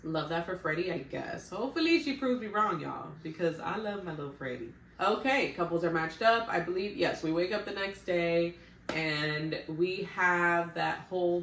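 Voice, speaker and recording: A woman's voice: deep voice, vocal fry, fairly bright tone, recorded from a distance. A woman talks through a reality show recap in a loose, slangy way, with blunt little asides. Her voice sits back from the microphone in a roomy space with an echo. A faint hum runs underneath. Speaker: TV recap vlogger.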